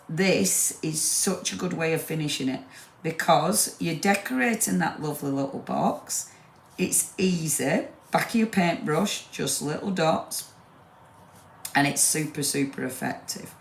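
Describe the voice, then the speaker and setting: A woman's voice: on the low side, vocal fry. A woman leads a live crafting demo, chatty and gushing with rambling asides. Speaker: craft demonstrator. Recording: roomy echo.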